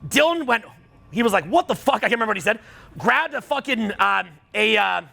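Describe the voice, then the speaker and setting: A man's voice: sits high, expressive, fairly quick, gravelly, pushed and bright. A middle-aged man coaching a live seminar audience, blunt and profane, rising to heated outbursts. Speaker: dating and social skills coach.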